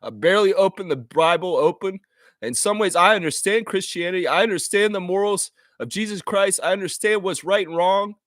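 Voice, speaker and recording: A man's voice: high-pitched, fairly quick, fairly bright tone, no echo, clean studio sound. A man hosting a live fan stream, talking earnestly and emotionally in a heartfelt, apologetic way, often restarting his sentences. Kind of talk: unscripted live stream monologue.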